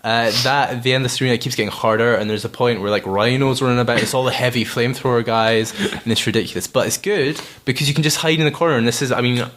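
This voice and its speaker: A man's voice: mid-range voice, steady tone, fast talker, hardly any pauses, a bit bright, slight background noise. A man co-hosting a podcast, casually explaining game tactics in eager, rambling runs. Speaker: podcast co-host. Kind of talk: casual chat about video games.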